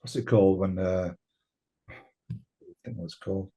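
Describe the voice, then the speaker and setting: Mellow-voiced British man telling a story. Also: low-pitched, moderate pace, slightly rough. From United Kingdom. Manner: swearing, animated storytelling with laughs. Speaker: interview guest. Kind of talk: storytelling in a casual interview.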